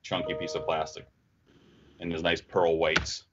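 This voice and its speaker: Man, low voice, enthusiastic product designer, halting delivery, muffled lo-fi audio. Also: flat delivery, background noise. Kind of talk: live stream product walkthrough.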